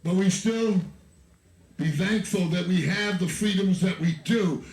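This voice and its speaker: An American man giving a fiery, profane, shouting rally speech to a festival crowd from an outdoor stage. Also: sits high, unhurried, roomy sound, poor audio. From United States. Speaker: activist speaker at a festival.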